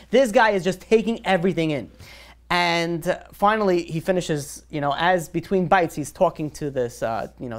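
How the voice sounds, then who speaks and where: A man who is a rabbi, telling a story in a lively sermon to a group, full of "you know" fillers and restarts. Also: a little high.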